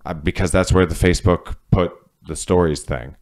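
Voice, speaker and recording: Deep-voiced blunt man from Cleveland. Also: steady tone, moderate pace. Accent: Cleveland, Ohio. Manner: blunt, swears freely. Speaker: podcast co-host. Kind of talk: casual chat.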